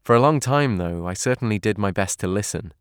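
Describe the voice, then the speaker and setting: A man narrating an audiobook in a calm, measured reading voice. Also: fairly low pitch, clean tone, dry recording, clean studio sound.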